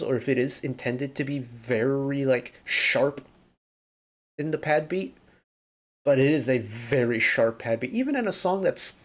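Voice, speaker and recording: A man hosting a music reaction video, giving casual commentary and thinking aloud in an analytical way. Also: medium pitch.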